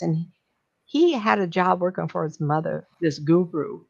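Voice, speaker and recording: A woman's voice: on the low side, moderate pace, creaky, darkish tone. A woman, a psychic medium, chattily retelling a movie plot and acting out the characters' lines. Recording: dull lo-fi recording.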